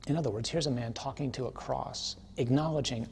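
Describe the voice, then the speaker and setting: A man delivers a teaching sermon in a relaxed, storytelling way, checking in with his listeners through little tag questions. His voice sits in an ordinary middle pitch. When he reaches his main points, he swells into strong, emphatic preaching. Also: brisk, creaky, slight background noise. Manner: casual and storytelling, with tag questions like "huh?" and "okay?"; builds to forceful emphasis.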